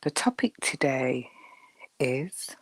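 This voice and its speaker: A woman's voice: rumbling low, lively intonation, slow, husky, dry recording. A woman hosting a casual live stream, chatting with viewers in a rambling way, often dropping to a near whisper, with a dry throat. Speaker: livestream host.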